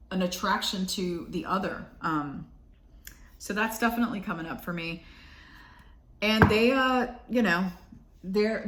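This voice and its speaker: A middle-aged woman giving a casual tarot reading, meandering and chatty, trailing off and starting over. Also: mid-range voice. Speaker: tarot reader. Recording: echoey room.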